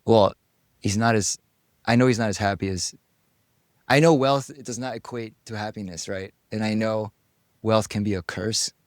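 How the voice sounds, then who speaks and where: A man being interviewed, telling stories from his life in a casual, animated way, acting out what people said and swearing now and then. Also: lowish voice, no echo, studio quality. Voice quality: gravelly. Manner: animated storyteller, acts out quotes, swears. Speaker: interview guest. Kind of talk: casual storytelling.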